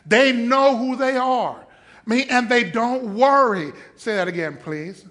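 High-voiced man preaching with rising shouts. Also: unhurried. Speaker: pastor. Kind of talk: sermon. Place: church.

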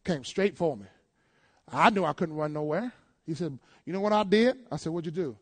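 A man preaching a sermon, calling out to his congregation and swinging between loud declarations and hushed asides. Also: a little high, expressive, normal speed.

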